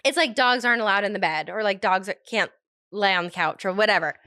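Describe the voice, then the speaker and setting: A woman in her thirties, a guest on a podcast, chatting casually, full of "like" and softly trailing off. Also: medium pitch, quick pace, no room sound, studio quality. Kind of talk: casual chat.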